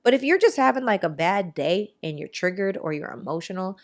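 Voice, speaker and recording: A woman hosting a podcast in casual chat, telling stories in an animated, rambling way with quick asides. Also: mid-range voice. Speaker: podcast host.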